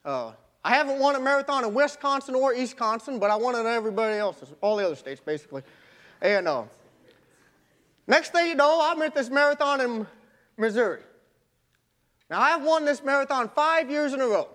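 A young man, a marathon runner, telling a personal story in an animated, folksy way with casual grammar. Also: very high-pitched, brisk. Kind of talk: storytelling talk.

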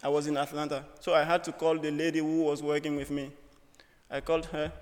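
In an auditorium with a reverberant sound, a young man shares a personal story as a student speaker. His voice is a little high, level in tone and moderately paced, and his storytelling is earnest and funny, delivered in short phrases.

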